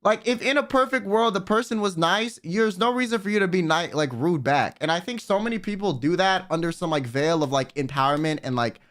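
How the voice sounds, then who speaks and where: A man's voice: high-pitched, expressive, a little fast, few pauses, fairly bright tone. A man streaming live, ranting bluntly and with plenty of profanity while he reads out viewer messages. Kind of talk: casual livestream rant.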